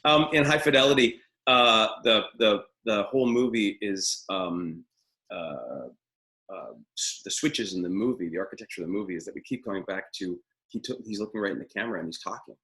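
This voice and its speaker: A man's voice: on the low side, brisk, bright, forceful tone, rough recording. A middle-aged man teaching acting in a live webinar from a room at home, talking in an opinionated, rambling way with many fillers.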